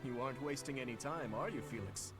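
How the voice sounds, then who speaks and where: A man's voice: mid-range voice, quick pace, over music, lightly acted. A man voicing an earnest, dutiful young prince in a video game, speaking courteously and sincerely.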